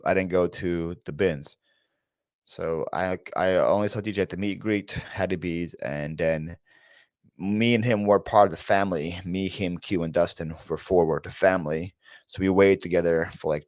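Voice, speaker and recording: A man talks casually on his own live stream, greeting viewers by name and drifting into long, rambling stories full of "like" and restarts. His voice sits on the low side, and the sound is close and dry with little room around it. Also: steady tone, moderate pace, dry recording. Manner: rambling storyteller, reads chat names aloud, frequent fillers and restarts. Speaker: reseller YouTuber hosting a live Q&A.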